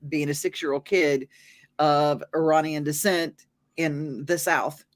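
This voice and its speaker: A woman's voice: low-pitched, steady tone, unhurried. A woman hosting a live interview show who speaks enthusiastically and laughs often with her guest. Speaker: talk show host.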